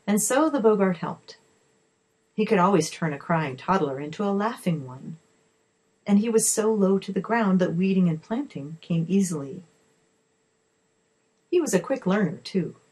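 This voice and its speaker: A woman reading a children's story aloud in a steady, expressive way. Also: medium pitch, moderate pace, long pauses, breathy edge, poor audio.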